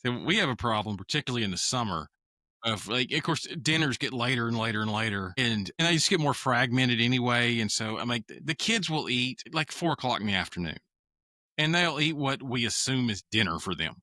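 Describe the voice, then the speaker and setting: A man's voice: mid-range voice, animated, brisk, sharp tone, no echo. A man chatting casually on a podcast, telling anecdotes with easy laughter. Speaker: podcast co-host or guest. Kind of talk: casual chat.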